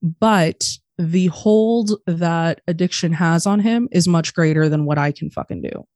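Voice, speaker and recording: A woman's voice: fairly low pitch, unhurried, darkish tone, dry recording. A woman in her thirties, a podcast guest talking casually and bluntly, swearing often. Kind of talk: casual interview talk.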